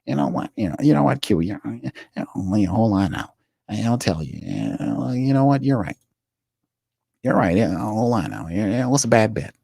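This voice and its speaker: A man's voice: on the low side, very animated, moderate pace, gravelly, mellow, breathy edge, dry recording, clean studio sound, heavily acted. A man imitating a flustered male team executive who stammers, hesitates and mumbles through an apology. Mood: sheepish.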